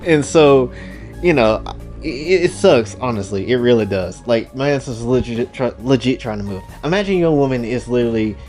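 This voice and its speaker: A man casually retelling his own story, animated and joking, with profane asides to his listeners. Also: medium pitch, fairly quick, soft background music.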